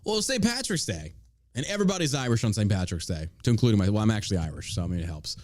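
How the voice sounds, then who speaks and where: A man's voice: fairly low pitch, very animated, quick pace. A man hosting a podcast, ranting in casual political commentary with lots of swearing and mockery. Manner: profane, ranting, mocking. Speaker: podcast host.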